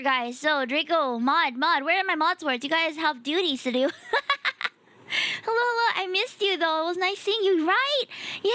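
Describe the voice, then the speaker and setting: A young woman streamer chatting casually with her viewers, giggly and animated. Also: very high-pitched, no room sound. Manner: giggly and animated, talks to chat. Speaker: VTuber streamer. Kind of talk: casual livestream chat.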